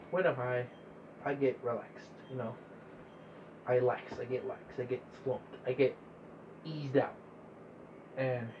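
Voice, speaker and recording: A man's voice: medium pitch, highs cut off, a little hiss or hum. A young man hosting a casual monologue podcast, laid-back and rambling, swearing freely. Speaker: podcast host.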